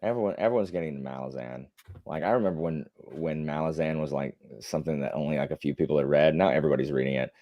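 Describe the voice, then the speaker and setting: Deep-voiced man rambling through chat. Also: fast talker, dry recording, muffled recording. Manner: rambling, filler-heavy, restarts often; blunt and opinionated. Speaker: livestream host. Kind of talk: casual chat while reading viewer comments.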